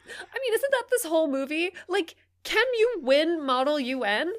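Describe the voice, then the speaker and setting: A woman's voice: very high-pitched, big pitch swings, moderate pace, a bit bright. A woman co-hosting a casual movie podcast, laughing often and slipping into jokey impressions. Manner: giggly, playful, slips into jokey impressions. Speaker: podcast co-host. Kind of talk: casual chat reviewing a movie.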